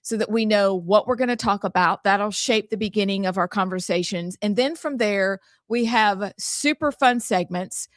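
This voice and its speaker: A woman co-hosting a talk show lays out the schedule in an upbeat, casual way. Her medium-pitched voice moves at normal speed with hardly any pauses, and there's no echo.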